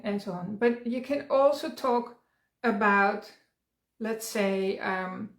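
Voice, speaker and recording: Middle-aged female wellness coach, mid-pitched voice, earnest and encouraging, roomy echoey recording. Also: steady tone, measured pace. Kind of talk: conversational self-help workshop talk. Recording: roomy echo.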